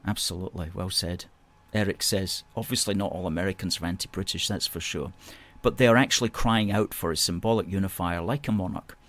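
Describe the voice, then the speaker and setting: A man with a fairly low voice hosts a live talk show, reading viewers' comments aloud and replying to each one. He is emphatic and keeps repeating his points and his agreement. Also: brisk, fairly bright tone. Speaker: host.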